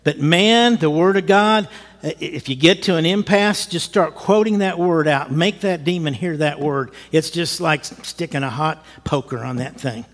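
A male pastor telling a story in a sermon, lively and animated, acting out what people said and chuckling as he goes. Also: on the high side, normal speed, long reverb tail. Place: church.

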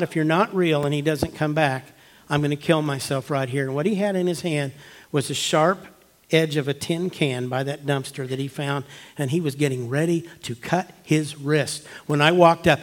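Storytelling pastor, hushed then emphatic. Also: male voice, on the high side. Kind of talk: sermon. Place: church.

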